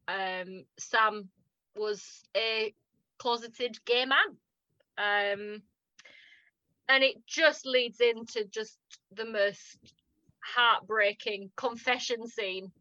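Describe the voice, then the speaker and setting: A woman's voice: mid-range voice, sharp tone, dry recording, lo-fi sound. A woman with a northern English accent, chatting animatedly as a podcast co-host and laughing often. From northern England. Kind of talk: casual chat recapping a TV drama.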